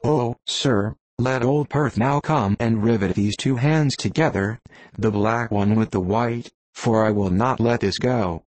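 A man's voice: medium pitch, unhurried, a little mellow, dry recording, lightly acted. A man voicing a lost, crazed young cabin boy in an audiobook, in a singsong, wandering way. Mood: tender.

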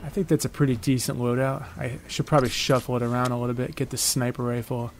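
A man's voice: mid-range voice, level tone, fast, noisy background. A man giving casual, chatty commentary on his own moves as he plays a video game. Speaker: gameplay commentator.

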